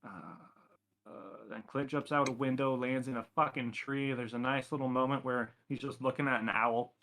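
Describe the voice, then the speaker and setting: A man's voice: mid-range voice, level tone, moderate pace, fairly bright tone. A man co-hosting a podcast, recapping an episode in casual, profane chat and laughing a lot. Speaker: podcast co-host.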